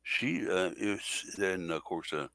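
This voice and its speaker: Very deep-voiced man, halting sports chat. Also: lively intonation, vocal fry, bright, forceful tone, no echo. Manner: halting, many fillers and self-corrections. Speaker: podcast co-host.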